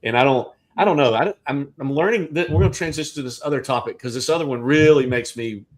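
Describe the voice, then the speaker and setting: A man's voice: mid-range voice, quick pace. Rambling man, casual chat. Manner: rambling, with restarts and asides. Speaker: livestream co-host.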